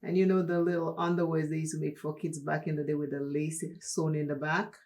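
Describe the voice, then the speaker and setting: A woman from Dominica, hosting a makeup tutorial and telling a personal story in an unhurried, chatty way. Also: sits low, flat delivery, darkish tone. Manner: unhurried, chatty, laughs while telling stories. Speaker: makeup channel host.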